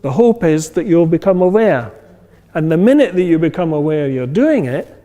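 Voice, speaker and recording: A man leads a meditation class in a relaxed, chatty way, often asking whether his listeners follow. His voice is mellow and sits a little high for a man. A long reverb trails his words, as if he were speaking in a hall. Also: moderate pace. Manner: conversational, many fillers, acts out inner voices. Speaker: meditation teacher. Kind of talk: informal class talk.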